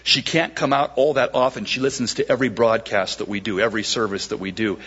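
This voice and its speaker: Male pastor, husky, storytelling sermon, animated and acting out voices, dull lo-fi recording. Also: on the low side, fast talker. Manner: animated, acts out quoted voices.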